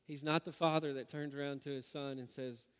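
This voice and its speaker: A middle-aged man preaching a sermon and leading a prayer, earnest, swinging from loud urging to hushed prayer. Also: on the high side, steady tone, brisk, clear, resonant tone. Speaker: pastor. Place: church hall. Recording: long hall reverb.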